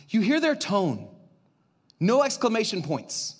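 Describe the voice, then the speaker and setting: Animated, high-voiced male pastor. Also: moderate pace. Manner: animated, conversational, dramatic swings in volume. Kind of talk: sermon.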